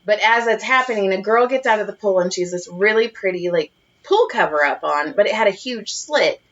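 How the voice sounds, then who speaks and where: A woman co-host spins a rambling, animated anecdote for a casual podcast. She swears freely, laughs at her own jokes and talks in a middling voice. The audio is slightly muffled and lo-fi. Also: medium pitch, a little fast. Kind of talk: casual storytelling chat.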